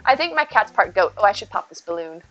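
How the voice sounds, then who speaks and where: Woman streaming a game, just chatting with chat, soft cooing bits for her cat, faint music behind. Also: mid-range voice, very animated, fast, dull audio. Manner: chatty, answers viewers, coos at her cat. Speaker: live streamer. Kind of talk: casual live-stream chat while gaming.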